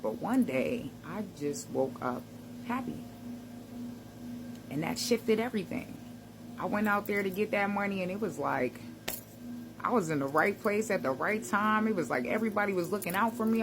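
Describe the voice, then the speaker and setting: A woman with a low voice gives a casual motivational talk to camera as a self-help vlogger, conversational and reflective, using slang and laughing often. Background noise can be heard.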